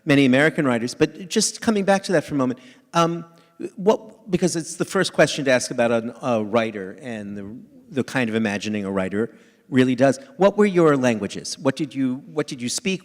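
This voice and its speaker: A man's voice: medium pitch, animated, a little fast. A man interviewing an author on stage, attentive, laughing often and echoing his guest's words. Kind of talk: onstage interview. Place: large festival hall on stage.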